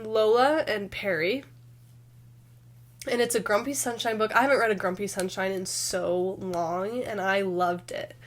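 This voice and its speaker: A woman with a sick, hoarse voice, chatting casually and rambling a bit as she reviews books in her vlog. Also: medium pitch. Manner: chatty, rambling with fillers and restarts. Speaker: book vlogger. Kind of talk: casual chat.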